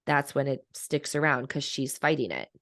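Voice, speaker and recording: A woman's voice: extremely low pitch, expressive, moderate pace, dry recording, studio quality. A woman in her thirties, a coach and author, talking reflectively in a podcast interview and laughing often.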